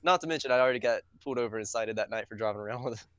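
A man's voice: mid-range voice, racing, fairly bright tone, clean tone, no room sound. A young man telling a rambling, profanity-laced story to friends, laughing as he goes. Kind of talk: casual storytelling among friends.

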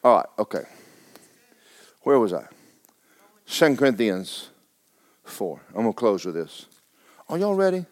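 A pastor preaching a folksy, playful sermon to his congregation, now and then breaking into shouted praise. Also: on the low side, very animated, measured pace, long pauses, dry recording. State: injured foot, sitting while preaching.

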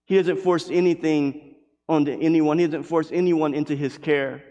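A man preaching a sermon as pastor, impassioned, swinging between loud declarations and hushed passages. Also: on the high side, fairly even intonation, normal speed, big-room sound, lo-fi sound.

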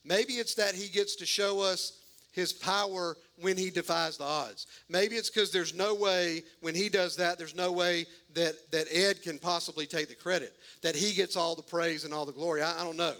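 A man delivers a sermon in a folksy, animated way, slipping into the voices of the people in his story. His voice sits high and sounds bright and gravelly, with a bit of fry. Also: normal speed. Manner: animated, folksy, acts out voices of biblical figures. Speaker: pastor.

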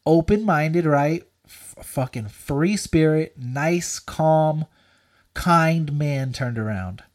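A man in a casual chat spins a story with a lively, swooping voice, dropping likes, dudes and swear words constantly. His delivery is loose and animated, with a pitch that jumps all over as he gets into it. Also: slow. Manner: animated, profane, filler-heavy with many likes and dudes.

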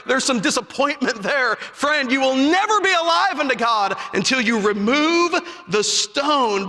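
A man from Chicago preaching a sermon with passion, building to shouts and dropping to hushed tones. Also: high voice. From south side of Chicago. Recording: long hall reverb.

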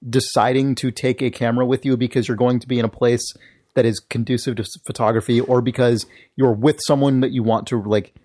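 A man co-hosting a podcast in casual chat, thoughtful and measured as he talks ideas through. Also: mid-range voice, steady tone, dark tone. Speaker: podcast co-host.

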